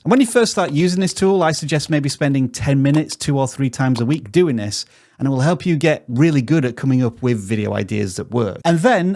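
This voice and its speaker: A man's voice: fairly high pitch, a little mellow. A man hosting a scripted tutorial on growing a YouTube channel, giving direct advice in an upbeat tone with the odd joke. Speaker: YouTube growth tutorial host.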